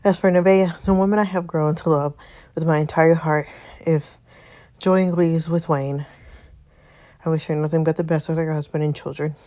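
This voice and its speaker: A woman's voice: sits low, steady tone, moderate pace, warm tone, natural voice. A woman reading the lines of a remorseful man giving up the woman he loves. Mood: solemn. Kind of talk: reading a story game aloud.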